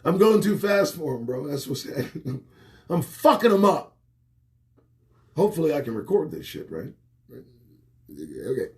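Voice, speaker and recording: Animated profane man ranting on livestream. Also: a little high, normal speed, long pauses. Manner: animated, swearing, swings between loud outbursts and muttered asides. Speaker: host. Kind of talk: profane political rant to camera. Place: small indoor home set. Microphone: phone or webcam livestream.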